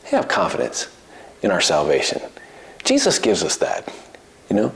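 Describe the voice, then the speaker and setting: A man preaching in a relaxed, conversational way, his pitch swinging up and down with lively emphasis. He keeps checking in with "right?" and "you know?", laughing lightly between points and restarting phrases as he thinks. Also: normal speed, creaky, long pauses. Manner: animated, rhetorical questions, frequent "right?" and "you know?"; chuckles between points, repeats words as he thinks. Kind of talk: conversational sermon.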